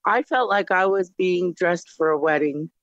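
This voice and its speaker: Telling her personal faith story at a moderate pace, a woman animatedly recounts exchanges full of "I go, she goes" quoting and lively pitch jumps, leaping high when quoting surprise. The audio is dry and echo-free, a bit dull and lo-fi.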